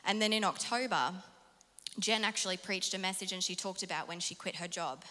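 A woman preaching a sermon from personal stories, animated and self-mocking, laughing often. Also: mid-range voice, a little fast. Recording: long hall reverb.

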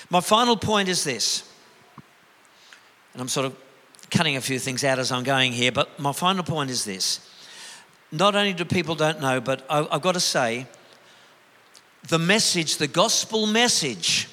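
An older man preaching a sermon as pastor, telling stories in a way that drops to a hush and builds to an emphatic rise. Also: high voice, lively intonation, a little slow, in a large hall. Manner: emotive storytelling, swinging from hushed to rising emphatic.

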